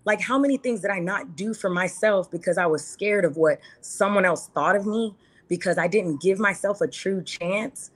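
A woman in her thirties speaks at a moderate pace in a mid-range voice. She's a podcast guest in a casual interview, talking earnestly and animatedly, acting out quotes in her own words.

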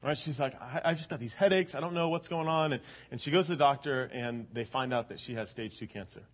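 A man's voice: medium pitch, quick pace, highs cut off. A man giving a sermon, telling a story in a conversational way with many repeated words and building to fervent emphasis. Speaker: preacher.

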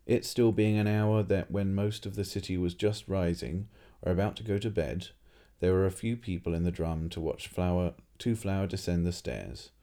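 A man narrates a story aloud in a steady way, sometimes restarting a phrase. His voice is deep and mellow. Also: moderate pace, few pauses. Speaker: reader.

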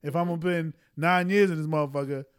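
Podcast co-host, male, fairly high voice, blunt profane talk. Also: fairly even intonation, quick pace, clean tone. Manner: blunt, profane, says bruh often. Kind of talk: casual chat.

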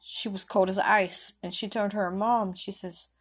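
Brief: woman storyteller, halting and rambling, casual improv. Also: medium pitch, steady tone, breathy edge.

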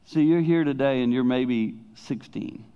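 A man's voice: mid-range voice, a little slow, clear, resonant tone. Older male preacher, dull lo-fi sound. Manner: animated preaching, swinging between loud emphasis and hushed asides. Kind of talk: sermon. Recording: dull lo-fi recording.

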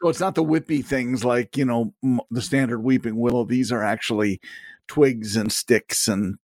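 A man's voice: medium pitch, steady tone, moderate pace, a little mellow, dry recording, studio quality. A man co-hosting a podcast in casual banter, wry and teasing, laughing often. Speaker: podcast co-host.

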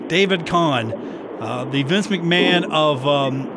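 A man hosting a sports talk radio show, chatty and joking with quick asides. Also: on the high side, noisy background. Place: radio studio.

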